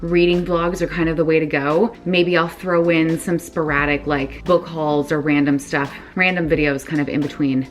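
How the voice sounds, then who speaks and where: A woman book vlogger chatting casually, excited and gushing, with lots of "like" fillers. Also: sits low, moderate pace, few pauses. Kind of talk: casual reading vlog chat.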